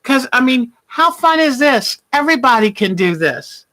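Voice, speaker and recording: A woman's voice: high voice, sing-song, normal speed, a bit bright. A woman hosting a casual quilting livestream, chatty and affectionate, calling viewers honey.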